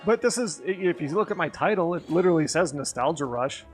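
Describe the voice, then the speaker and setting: A man's voice: on the high side, expressive, fast, faint music behind. Rambling, profane streamer man from Wisconsin. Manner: rambling, profane nostalgic storytelling. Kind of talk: casual stream chat. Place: home garage with a green screen.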